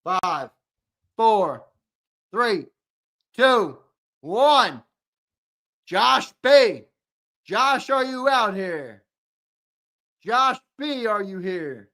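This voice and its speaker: A young man hosting a live-stream giveaway, chatting and teasing viewers in casual banter, with loud hyped countdowns between low mumbled asides. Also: sing-song, extremely slow, long pauses. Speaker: show host running a live-stream giveaway.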